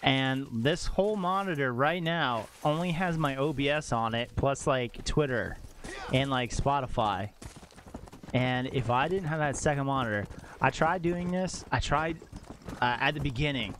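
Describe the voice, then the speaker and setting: A young man chatting casually while live-streaming a game at home, excitable and quick to exclaim and laugh. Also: mid-range voice, a little hiss or hum.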